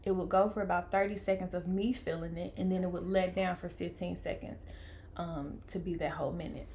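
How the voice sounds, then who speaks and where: A young woman, telling a personal story in a casual vlog, lively, playing out the voices of people she quotes. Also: fairly low pitch, brisk, a little hiss or hum. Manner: animated, acts out quoted voices, laughs often. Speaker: vlogger telling her birth story.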